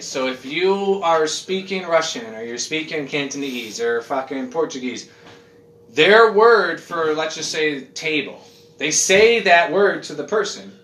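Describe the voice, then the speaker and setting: A man in casual chat, rambling and animated, swearing as he goes. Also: on the high side. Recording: echoey room.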